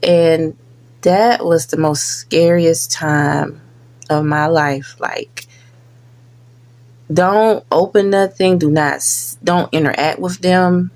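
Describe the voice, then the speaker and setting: Lady w/ reacting to a clip, low-ish voice, keeps repeating her warnings. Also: steady tone, takes it slowly, a little mellow. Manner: earnest, repetitive warnings to viewers. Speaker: reaction video host. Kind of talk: casual reaction commentary.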